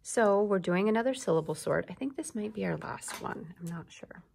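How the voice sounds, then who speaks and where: A woman teacher giving a slow, encouraging recorded lesson to young children, prompting them to repeat words. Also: mid-range voice, animated, gravelly, darkish tone, slight background noise.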